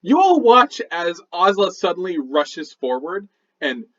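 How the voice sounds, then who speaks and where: A man runs a tabletop game, narrating scenes with playful expression. His voice is high and animated, and the recording sounds dull and lo-fi. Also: measured pace, no echo. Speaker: game master.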